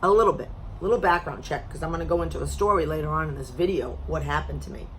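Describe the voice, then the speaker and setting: A woman vlogger telling a story to camera in a blunt, animated way, swearing freely, her voice a little strained as she loses it. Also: sits low, fast, a little hiss or hum. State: losing her voice.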